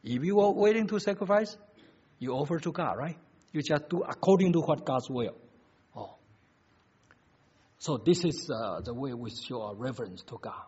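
A man's voice: mid-range voice, animated, moderate pace, pauses often, mellow, slightly rough. A man preaching a sermon, emphatic and full of rhetorical questions, in slightly non-native phrasing. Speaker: pastor. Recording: dull lo-fi recording.

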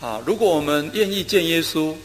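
A man preaching a sermon in short phrases, pausing for an interpreter, with steady delivery and frequent filler sounds. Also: a little high, a little hiss or hum. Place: church hall. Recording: reverberant hall, faint ambience.

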